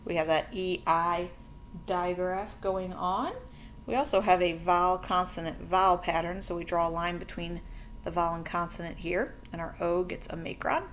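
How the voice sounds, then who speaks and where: A woman with a lowish voice teaches a phonics lesson, walking through each word at the board. She talks patiently and chattily and catches her own slips. A faint hum sits under the recording. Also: level tone, normal speed, a bit bright. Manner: patient, chatty, self-correcting.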